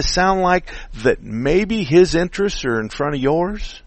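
A middle-aged man hosting a call-in car repair radio show, explaining bluntly and getting animated when he disagrees. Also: fairly high pitch, unhurried, few pauses, no room sound. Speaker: radio show host and auto mechanic.

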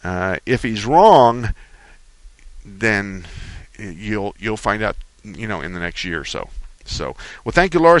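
A man hosting a call-in car repair radio show, explaining things slowly and folksily with frequent restarts. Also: fairly low pitch, sing-song, fairly bright tone, dry recording.

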